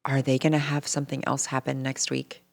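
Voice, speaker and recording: Low-voiced woman podcast host, dry sound. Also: monotone, brisk, vocal fry, no room sound. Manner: candid, swearing storyteller. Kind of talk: casual chat.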